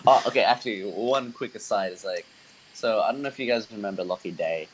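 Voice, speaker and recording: A young man with a very low, deep voice and a light Australian accent. He chats casually on a podcast and rambles loosely, with plenty of "like" and "um" and restarted sentences. A faint hum of noise sits behind him. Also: moderate pace, rough recording. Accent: mild Australian. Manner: relaxed, rambling, many fillers and restarts. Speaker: band member co-hosting a podcast.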